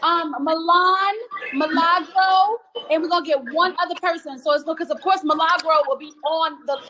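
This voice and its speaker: A woman hosting a casual chat show, animated and exclamatory, laughing often. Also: very high-pitched, moderate pace, noisy background. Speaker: host.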